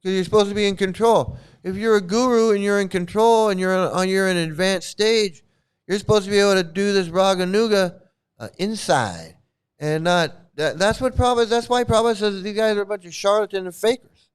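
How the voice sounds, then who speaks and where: Male vlog host, fairly high smooth voice, loose rambling delivery with restarts, blunt and coarse. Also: brisk. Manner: rambling, repeats and restarts words; blunt and profane. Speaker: commentary channel host. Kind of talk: casual rambling commentary.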